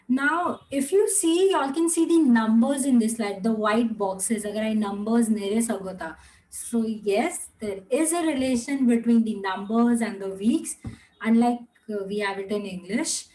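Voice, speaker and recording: A young woman teaching an online class, repeating words slowly and patiently and slipping into another language now and then. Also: a little high, darkish tone, low-quality recording.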